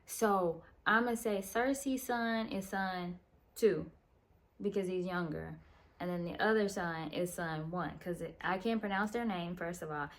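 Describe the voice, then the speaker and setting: A woman's voice: on the low side, unhurried. Slangy, sprawling woman book reviewer. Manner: slangy, profane, meandering retelling with mimicked dialogue. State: tired, late at night. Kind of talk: casual book recap.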